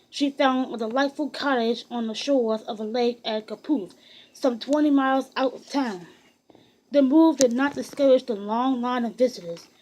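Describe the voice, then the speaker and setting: A woman reading a biography aloud in a steady, even storytelling manner with occasional restarts. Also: on the high side, poor audio. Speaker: narrator.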